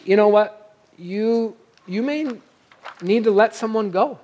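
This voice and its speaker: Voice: mid-range voice, slow, mellow. A pastor preaching a sermon in a conversational way, reading scripture aloud and checking in with the listeners. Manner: reads scripture aloud between comments.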